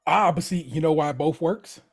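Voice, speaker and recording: A man co-hosting a podcast, chatting casually while recapping a TV show, playful and animated, sometimes dropping into quiet asides. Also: a little high, normal speed, slightly rough. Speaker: podcast co-host.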